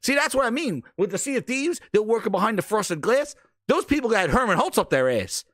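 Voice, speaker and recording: A man hosting a casual commentary show, reacting to videos with profane, laughing, animated rants. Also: high-pitched, fairly quick, dry recording, clean studio sound. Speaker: host.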